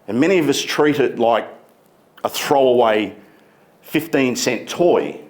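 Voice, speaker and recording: A man giving a motivational keynote speech on a conference stage, emphatic and deliberate, stretching key words. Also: mid-range voice, expressive. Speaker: keynote speaker.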